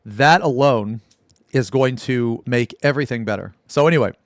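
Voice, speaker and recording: A man's voice: medium pitch, normal speed, no room sound, clean studio sound. A man streaming a casual reaction, talking bluntly and with a lot of swearing as he rants about game news. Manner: blunt, profane, heated outbursts.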